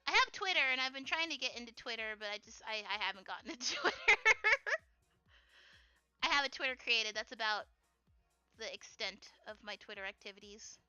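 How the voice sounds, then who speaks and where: A young adult woman chatting casually while she draws on a live stream, rambling in an animated way with lots of fillers and giggles. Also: fairly high pitch, fairly quick, clear, resonant tone, no echo, highs cut off, faint music behind. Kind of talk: casual chat while drawing.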